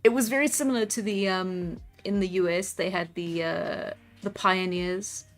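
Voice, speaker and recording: Faint music sits in the background while a young South African woman chats casually on her live stream, reading out and answering comments with frequent laughs. Her voice is lowish and fairly even in intonation, at a normal speed.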